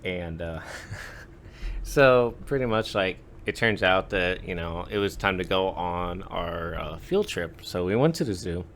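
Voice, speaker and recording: Deep-voiced rambling man telling stories. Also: lively intonation, a little slow, fairly bright tone, slight background noise. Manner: rambling, lots of "like" and "uh" fillers. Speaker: podcast storyteller. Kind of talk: casual chat.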